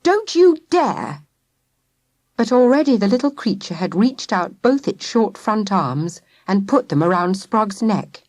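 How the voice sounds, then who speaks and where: Woman narrator, animated storybook reading, dry close mic. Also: mid-range voice, normal speed, few pauses, no echo. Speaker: audiobook narrator.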